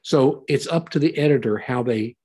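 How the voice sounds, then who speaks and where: A man's voice: mid-range voice, moderate pace, darkish tone, breathy edge. A man teaching a Bible passage in a conversational sermon, retelling and explaining it in a folksy way.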